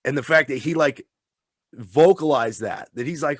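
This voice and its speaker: A man co-hosting a casual chat who talks in an excited, rambling, profane way and sounds tipsy. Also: fairly high pitch, moderate pace, no room sound, clean studio sound. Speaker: podcast co-host.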